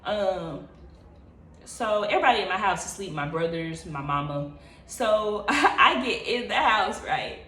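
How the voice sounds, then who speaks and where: Expressive, profane woman storyteller; casual storytime vlog, echoey room. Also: mid-range voice, measured pace, a little hiss or hum. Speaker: vlogger.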